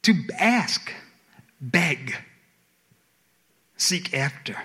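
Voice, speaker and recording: Animated high-voiced male preacher. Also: extremely slow, slightly rough. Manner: animated, rising to emphatic high pleas then dropping low; asks the congregation questions. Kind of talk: sermon.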